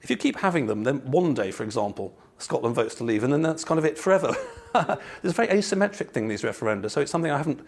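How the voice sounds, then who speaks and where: Wry gravelly-voiced male podcast host. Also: mid-range voice, expressive, quick pace, few pauses. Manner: wry, discursive, musing aloud. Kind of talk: scripted intro then casual interview chat. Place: meeting room in London.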